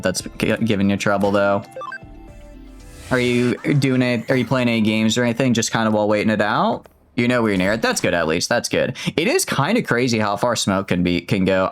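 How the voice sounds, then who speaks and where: A young man casually chatting with viewers while streaming a game, rambling and laughing often. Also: fairly low pitch. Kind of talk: casual gameplay livestream chat.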